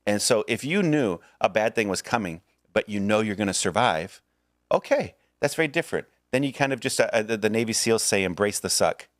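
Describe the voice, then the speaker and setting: Low-voiced man on a dry mic. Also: expressive, fairly quick, no echo. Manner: earnest, reassuring, jokey asides. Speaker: podcast co-host. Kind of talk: casual chat.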